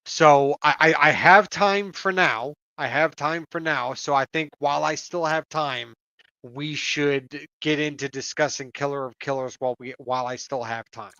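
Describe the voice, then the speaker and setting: Bright-voiced guy on a podcast, lots of ums, dull dry lo-fi mic. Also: a little high, moderate pace, no echo. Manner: hesitant, lots of ums and restarts. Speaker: podcast co-host steering the discussion. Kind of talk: casual chat.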